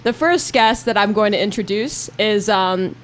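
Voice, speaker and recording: A woman's voice: mid-range voice, normal speed, a little hiss or hum. A young woman from the United States hosting a casual podcast chat, bubbly and laughing often. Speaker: podcast host.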